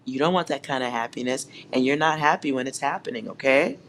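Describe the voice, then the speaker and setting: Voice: medium pitch, quick pace, a bit bright, a little hiss or hum. A tarot reader giving a collective reading at home, speaking straight to viewers in a teasing, sarcastic way and laughing often.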